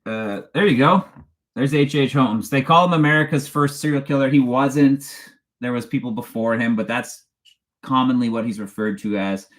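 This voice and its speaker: A man's voice: medium pitch, moderate pace, fairly bright tone. A man, hosting a casual live-stream chat in a rambling, chatty way and laughing often as he reads viewer questions aloud. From Canada. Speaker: true crime channel host.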